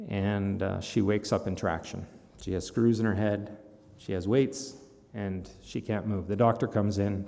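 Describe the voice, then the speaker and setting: A pastor speaks to his congregation in a low, gravelly voice. He prays, then retells a story in a loose, conversational way. His words ring out with a long reverb through the church hall. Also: warm tone. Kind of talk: sermon with prayer and story.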